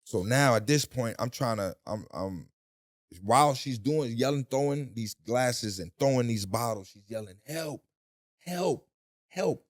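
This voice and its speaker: A man's voice: medium pitch, moderate pace. A man telling his story as a guest in a casual interview, with profanity and voices he imitates. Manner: animated, profane storytelling with mimicked voices and shouting.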